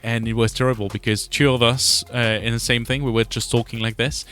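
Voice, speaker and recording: Casual, laughy guy hosting, stop-start delivery, mid-pitched voice. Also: little pitch movement, fairly bright tone, faint music behind. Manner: halting, many restarts and laughs. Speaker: podcast host. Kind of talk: casual interview chat.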